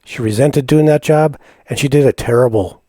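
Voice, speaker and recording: A man co-hosting a podcast, talking in a relaxed, conversational way. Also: mid-range voice, normal speed, no echo, studio quality. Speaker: podcast co-host. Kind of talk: casual chat.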